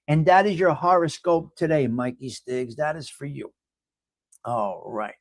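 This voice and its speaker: With a fairly high, darkish voice at a measured pace, a host with a New York accent rambles through a casual morning chat, reading a horoscope, repeating himself, and often calling viewers by name. The recording has no echo.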